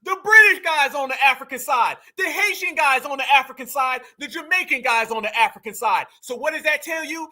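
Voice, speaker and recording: A man delivers heated commentary in a very high, piercing voice. He is blunt and profane, hammering his points home. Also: bright, forceful tone. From United States. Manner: fiery, blunt, profane, addresses viewers as family. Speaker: commentary show host.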